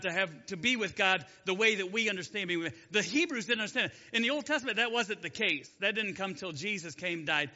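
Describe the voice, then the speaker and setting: A man's voice: high-pitched, bright, forceful tone, muffled recording. Chatty male Bible teacher in an echoey hall. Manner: chatty, jokey, asks the audience questions. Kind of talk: casual Bible story lesson.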